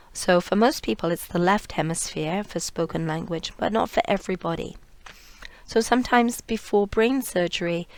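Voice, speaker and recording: A woman's voice: fairly low pitch, no echo. A woman narrating a lecture over slides, explaining step by step with fillers and restarts, sometimes trailing off to a near whisper.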